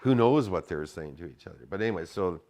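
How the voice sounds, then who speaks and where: A man telling a story in casual chat, animated and profane, acting out the shouted lines. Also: deep voice, fast talker.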